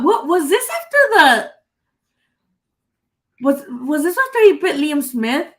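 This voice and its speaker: A woman hosting a casual live-stream chat, giving profane, rambling, animated opinions. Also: high voice, a little slow. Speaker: boxing channel host.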